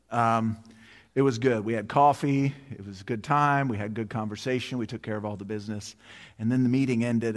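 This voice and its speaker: A pastor in his fifties preaches in a sanctuary, his mid-range voice carried on a long, ringing reverb. He tells a vivid personal story, then drives toward his point with emphatic, repeated appeals. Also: mid-range voice. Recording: long reverb of a large hall.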